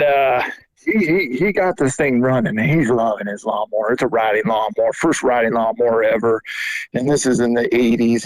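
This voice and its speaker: A man hosting a podcast tells a story in a loose, rambling way. His pitch sits in the middle range, and the sound is dry and close with no room echo. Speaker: podcast host. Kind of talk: casual storytelling.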